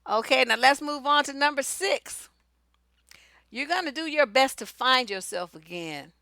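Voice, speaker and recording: Blunt, bright-voiced woman coach. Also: high-pitched, unhurried, vocal fry, dry recording, clean studio sound. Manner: blunt, profane and animated, acts out quoted voices. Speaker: relationship coach. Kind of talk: casual advice talk to camera.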